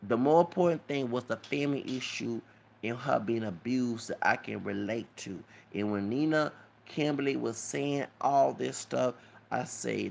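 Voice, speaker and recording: A man with a gravelly, creaky voice at a middling pitch, rambling through a commentary vlog. He lectures his viewers and keeps checking in with them, repeating himself as he goes. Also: normal speed, darkish tone, slight background noise. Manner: rambling, repeats himself, frequent "you know what I'm saying" and "okay?". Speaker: YouTube commentator.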